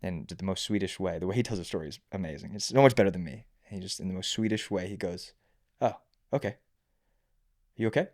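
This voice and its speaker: A man on a faith podcast, telling stories in casual chat, animated and rambling, full of restarts. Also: sits low, fast, hardly any pauses.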